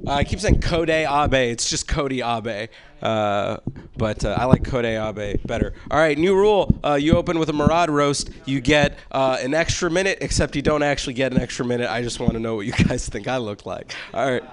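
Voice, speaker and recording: A man hosting an open mic, introducing comics with brisk, joking stage patter. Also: mid-range voice, a little hiss or hum.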